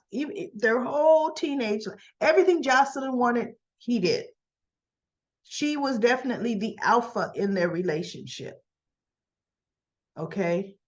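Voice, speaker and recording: A woman talks through a soap opera episode in a loose, chatty way, jumping up in pitch to act out the characters' lines. The audio is a little dull and lo-fi. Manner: animated, acts out characters' lines in raised voice. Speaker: soap opera recap host. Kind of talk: casual recap chat.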